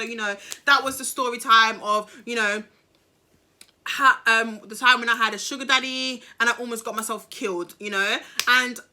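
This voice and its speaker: A woman vlogger telling a story in a lively, slangy way, acting out the people in it. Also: high-pitched. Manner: animated, slangy, acts out the people in her story. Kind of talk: storytime vlog.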